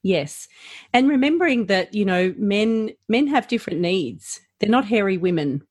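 A woman's voice: mid-range voice, lively intonation, moderate pace, a little mellow, no echo, studio quality. A woman who trains practitioners, talking in a casual chat and acting out firm voices as she explains.

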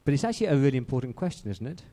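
A man's voice: medium pitch, very animated, rapid-fire, dark tone. A man preaching a sermon in a church, who speaks conversationally and often repeats and restarts his words. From outside Australia.

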